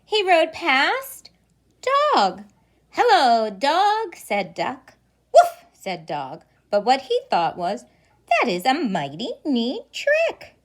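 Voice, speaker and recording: A preschool teacher reading a picture book aloud to young children, pausing for gasps and questions along the way. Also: female voice, sits high. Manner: animated storytelling with gasps and questions.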